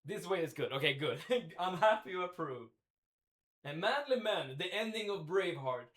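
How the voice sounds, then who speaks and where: A man's voice: high voice, very animated, moderate pace, fairly bright tone. Chatty man cooking on a livestream. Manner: chatty, thinks aloud, answers chat. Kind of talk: casual live commentary while cooking. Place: home kitchen.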